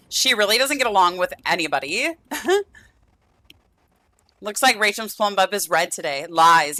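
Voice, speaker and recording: A woman's voice: mid-range voice, lively intonation, a little slow, pauses often, bright, forceful tone, no echo. A young woman streaming a life-sim game, chatting affectionately with viewers and her characters, losing her voice. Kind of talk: casual gameplay stream chat.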